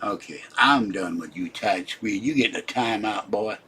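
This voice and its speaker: Casting note: older male live-stream host, husky voice, cranky and grumbling at his viewers. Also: fairly low pitch, normal speed, pushed and bright. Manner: irritable, scolding viewers in the chat. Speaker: livestream host. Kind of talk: rambling live-stream chat.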